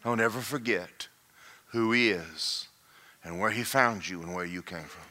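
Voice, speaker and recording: A male pastor preaching a sermon, swinging from folksy joking asides to shouted, singsong climaxes. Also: lowish voice, unhurried.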